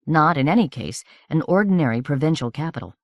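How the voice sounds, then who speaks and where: A woman narrating a novel in a measured, steady reading voice. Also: deep voice, dry recording, highs cut off. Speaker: audiobook narrator.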